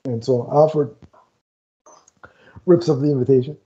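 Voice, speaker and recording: A man's voice: medium pitch, fairly even intonation, measured pace, dark tone. A man co-hosting a casual chat podcast, retelling film scenes and acting out the characters' lines. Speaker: podcast co-host. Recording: dull lo-fi audio.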